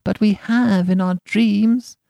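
A male narrator puts on a chorus of wondering charity children. Their voices lift high above his own with eager awe. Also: fairly even intonation, slow pace, vocal fry, warm tone, no room sound, clean studio sound, heavily acted. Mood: awed.

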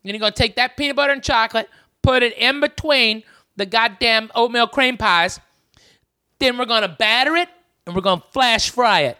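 A man's voice: very high-pitched, moderate pace, pushed and bright, clean tone. A man hosting a podcast, talking in a boisterous, profane, rowdy way. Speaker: podcast host. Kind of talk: crude comedic banter.

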